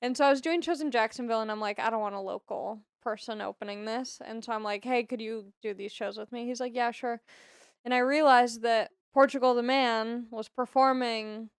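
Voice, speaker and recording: Smooth-voiced young woman comic. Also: fairly high pitch, fairly even intonation, fairly quick, no room sound, studio quality. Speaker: comedian guest. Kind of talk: casual chat.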